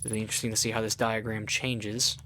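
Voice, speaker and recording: A man's voice: on the low side, level tone, quick pace, bright, forceful tone, slight background noise. A man giving casual gameplay commentary as he plays, thinking aloud and rambling with lots of filler words. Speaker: let's play gamer.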